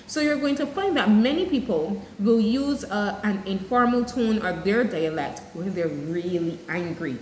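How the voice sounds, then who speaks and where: A woman teacher talks her students through an English lesson, clear and explanatory. Her voice sits at a middle pitch. The room adds a noticeable echo, with a faint hiss of ambience behind her. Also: expressive, unhurried, few pauses.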